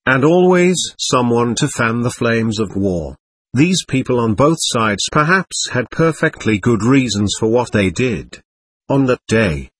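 A man reading a war memoir aloud as an audiobook narrator, in a measured, solemn delivery. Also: mid-range voice, husky, dry recording.

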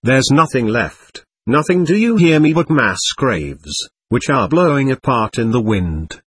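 A man's voice: mid-range voice, sing-song, unhurried, fairly bright tone, breathy edge, full character voice. A man voicing a gaunt, starving male soldier who is bitter and menacing, with a sneering manner, in a storybook reading. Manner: sneering, roaring.

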